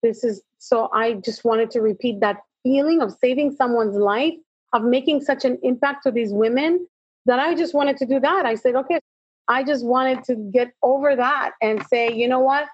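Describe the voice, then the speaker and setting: A woman's voice: fairly high pitch, moderate pace, slightly rough, dry recording. A middle-aged woman, a motivational speaker, telling her personal story as an interview guest and acting out the dialogue. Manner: animated storytelling, acts out dialogue. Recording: dull lo-fi audio.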